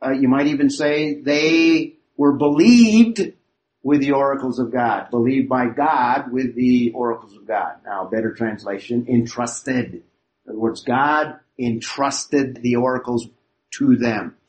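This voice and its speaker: A man's voice: medium pitch, unhurried, low-quality recording. A man teaching a Bible study class, explaining a passage and asking rhetorical questions of his listeners.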